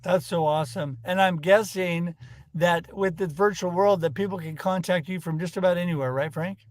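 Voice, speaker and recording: A man's voice: high voice, moderate pace, dry recording. Upbeat man hosting a live web show. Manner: upbeat, effusive. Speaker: co-host. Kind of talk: casual live show chat.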